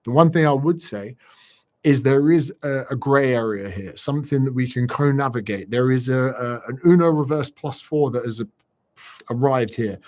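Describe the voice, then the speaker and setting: A man's voice: medium pitch, normal speed, darkish tone. A man hosting a live-stream Q&A as a business coach, talking bluntly and energetically, swearing freely.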